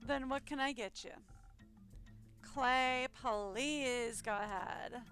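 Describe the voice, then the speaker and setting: A woman voicing a friendly tavern keeper who speaks gently and unhurriedly. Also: high-pitched, slow, soft background music. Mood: welcoming.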